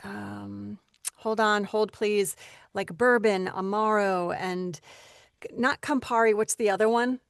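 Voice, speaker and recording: A woman's voice: mid-range voice, fairly even intonation, takes it slowly, creaky, dry recording, studio quality. A woman co-hosting a podcast, joking around and trailing off mid-sentence as she searches for words. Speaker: podcast co-host. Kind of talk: casual conversational interview.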